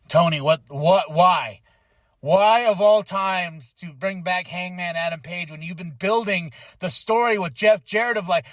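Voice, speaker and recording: Animated high-voiced man reviewing wrestling. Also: measured pace, no room sound, clean studio sound. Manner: animated, acts out wrestlers in quotes, swears. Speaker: podcast host. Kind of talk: casual wrestling show review.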